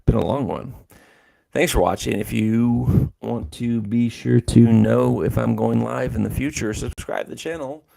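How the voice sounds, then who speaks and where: A man's voice: mid-range voice, vocal fry, warm tone. A man hosting a casual livestream chat, talking in a rambling, filler-heavy way. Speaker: host.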